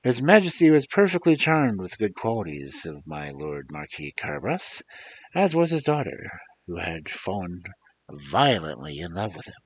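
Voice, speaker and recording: A man reading fairy tales aloud as a storyteller, expressive and theatrical, with chatty asides to his listeners, on a desk microphone. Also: low-pitched, moderate pace, breathy edge.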